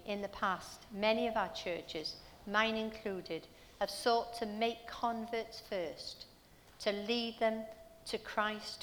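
A woman's voice: medium pitch, fairly bright tone, slight background noise. Woman preaching in a reverberant hall. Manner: storytelling, earnest, rhetorical questions. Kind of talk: sermon.

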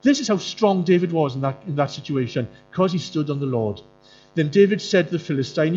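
A lively male preacher with a slightly high voice, delivering a sermon with dramatic swings. He slips into exaggerated mocking voices now and then. The sound is muffled, with faint music behind him. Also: fairly quick. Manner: animated, jumps into high mocking voices for quoted characters.

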